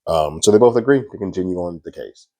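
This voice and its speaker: A man's voice: deep voice, lively intonation, quick pace, dark tone, dry recording. A man reviewing a TV episode in a casual, conversational recap, slipping into the characters' lines as he retells the plot. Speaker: TV series reviewer.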